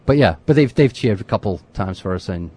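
A man's voice: lowish voice, lively intonation, a little fast, warm tone. A middle-aged man co-hosting a casual radio chat, rambling with many restarts. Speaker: co-host and youth football coach.

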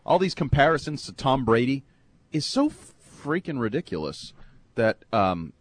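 A man's voice: mid-range voice, a little slow, breathy edge. A man co-hosting a sports talk show, giving opinions in casual banter. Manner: opinionated, animated, joking banter. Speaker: sports radio co-host.

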